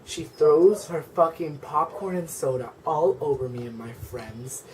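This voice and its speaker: A man's voice: fairly high pitch, steady tone, measured pace, darkish tone, far from the mic, a little hiss or hum, poor audio. Young male vlogger, sassy and foul-mouthed, rambling story time, camera mic set back. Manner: sassy, profane, rambling with constant "like".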